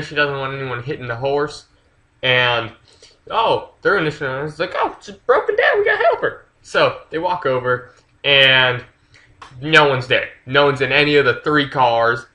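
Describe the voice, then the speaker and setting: A man's voice: medium pitch, steady tone, normal speed, sharp tone, rough recording. A man casually retelling a story's plot for a book review, rambling with lots of fillers and swearing freely.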